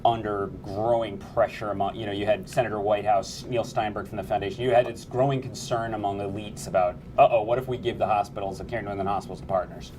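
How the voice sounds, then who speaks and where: A man appearing as a reporter guest on a radio talk show, speaking in a measured, analytical way. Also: fairly low pitch, fairly even intonation, background noise.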